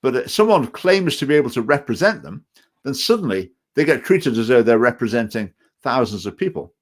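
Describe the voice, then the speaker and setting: Stoke-on-Trent man, party chairman, chats casually through viewer comments; halting, repeats words, opinionated. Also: mid-range voice, sing-song. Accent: Stoke-on-Trent English with some Scottish phrases. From England. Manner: hesitant, repeats words, digressive opinionated talk. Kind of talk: casual live-stream chat reading out comments.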